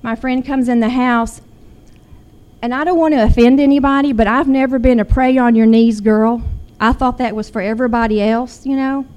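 A woman's voice: fairly high pitch, fairly even intonation, moderate pace, a little mellow. Woman telling a personal story. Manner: earnest, growing intense when retelling. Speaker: guest sharing a personal story.

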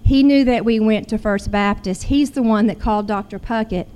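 A woman's voice: mid-range voice, moderate pace, mellow, smooth. A middle-aged woman, earnestly telling a personal story. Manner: earnest, growing intense when retelling. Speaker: guest sharing a personal story.

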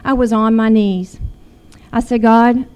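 The audio is dull as a middle-aged woman with a higher, darkish voice speaks at a moderate pace. She is a guest earnestly recounting a personal story, her intensity rising in the retelling.

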